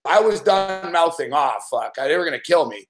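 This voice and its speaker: Foul-mouthed dude rambling through a story, kinda high voice, growls and laughs it out. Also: male voice, expressive, moderate pace, faint music behind. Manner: swears constantly, rambling, acts out growls and laughs. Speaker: show regular telling a story. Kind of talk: casual profane storytelling.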